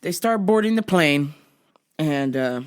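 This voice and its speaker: A woman's voice: low voice, lively intonation, measured pace. A woman hosting her own show, telling a story casually, laughing often and acting out what people said. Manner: laughs often, acts out quotes. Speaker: podcast host.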